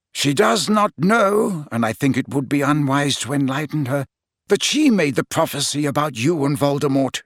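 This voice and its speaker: Guy reading as a wise old headmaster, calm and measured, a bit exasperated, dry sound. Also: on the high side, no room sound, voice pushed up.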